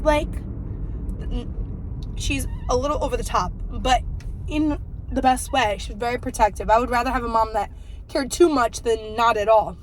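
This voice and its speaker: A woman's voice: fairly high pitch, a little slow, slight background noise, low-quality recording. Chatty girl in her late twenties. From New Jersey. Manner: chatty, rambling, lots of "like" and "um". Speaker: vlogger. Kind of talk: casual storytelling chat.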